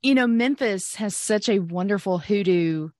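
A woman's voice: mid-range voice, moderate pace, darkish tone, no room sound, clean studio sound. A woman co-hosting a podcast, asking questions in casual chat and giving frequent encouraging agreement. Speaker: podcast co-host. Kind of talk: casual conversational interview.

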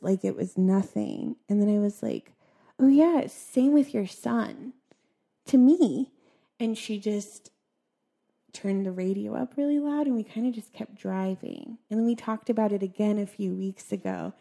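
A young adult woman talking in a halting, soft-spoken way, her sentences full of filler words, in a confessional conversation. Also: mid-range voice, big pitch swings, gravelly.

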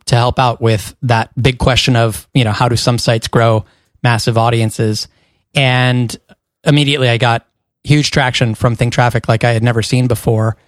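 Man, podcast co-host, measured explanations, mid pitch, dry close mic. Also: no echo. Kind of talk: casual podcast chat.

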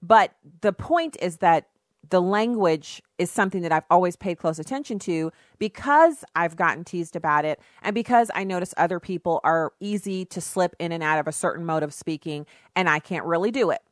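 A middle-aged woman hosting a radio talk show, speaking standard American English in a chatty, animated and outspoken monologue with quick restarts. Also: lowish voice, no echo, clean studio sound. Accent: none, standard American speech. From raised in Germany on US Army bases. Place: radio studio. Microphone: studio microphone.

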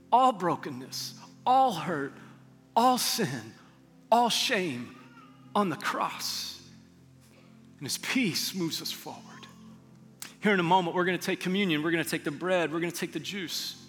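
A man's voice: high-pitched, lively intonation, a little slow, long pauses, fairly bright tone, big-room sound, faint music behind. A man preaching a sermon as pastor, telling stories earnestly and building to emphatic peaks. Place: church sanctuary.

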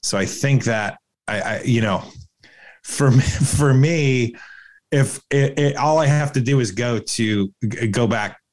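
A man from New England co-hosting a podcast, talking in halting stops and restarts. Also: medium pitch, darkish tone. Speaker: podcast co-host. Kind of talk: casual chat.

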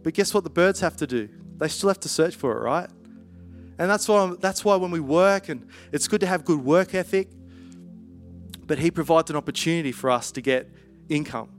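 A man preaching in a relaxed, conversational way, full of playful asides. His voice sits high for a man, and soft music plays faintly underneath. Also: normal speed. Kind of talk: sermon.

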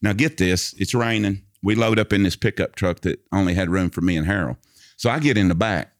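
A man with a very low, deep voice tells a story in a relaxed chat. He paints scenes for his listeners and recites long passages from memory. His voice sounds dry and close. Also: a little fast, no echo. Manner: vivid storyteller who recites scripture from memory. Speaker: guest telling a personal story. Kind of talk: casual storytelling conversation.

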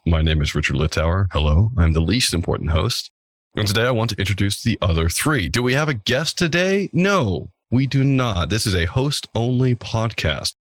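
A man's voice: on the low side, no echo, clean studio sound. A man hosting a casual podcast, talking in a playful, jokey, upbeat way. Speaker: podcast host.

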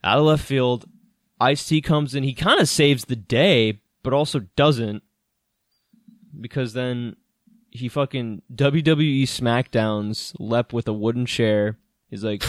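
A man talks through a movie scene by scene in loose, animated podcast chat, swearing freely and breaking into laughs. His voice sits at an ordinary pitch and is recorded close and dry, with no room sound around it. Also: normal speed, no room sound. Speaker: podcast co-host. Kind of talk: casual movie recap chat.

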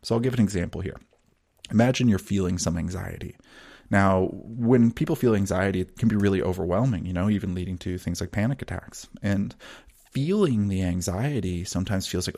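Man, breathwork teacher, calm, measured, soothing, gravelly voice. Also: low-pitched. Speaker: breathwork and wellness guide. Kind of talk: teaching monologue.

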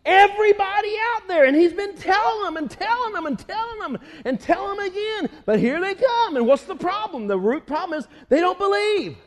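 A man preaching a lively sermon, animated and laughing often as he acts out scenes. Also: very high voice, fairly quick, hardly any pauses, long reverb tail.

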